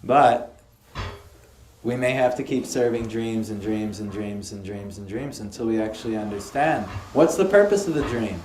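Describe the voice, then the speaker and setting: A man giving a spiritual lecture on scripture to a small group, lively and asking his listeners questions. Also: lowish voice, moderate pace, slight background noise. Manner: lively, asks the audience questions. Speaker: spiritual teacher. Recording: echoey room, faint ambience.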